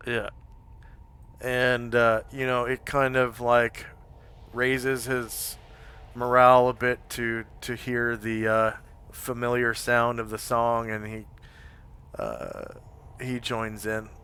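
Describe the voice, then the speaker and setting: Slow, bright-voiced man as game master. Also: mid-range voice, clean tone. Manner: hesitant, full of fillers. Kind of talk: describing scenes in a tabletop game. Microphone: home microphone on a live stream.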